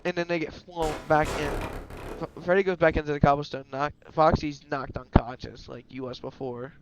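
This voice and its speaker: A man's voice: on the high side, steady tone, normal speed, noisy background. Rambling, offhand male narrator. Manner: rambling and offhand, slipping into character voices. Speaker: game video narrator. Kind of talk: casual storytelling over gameplay.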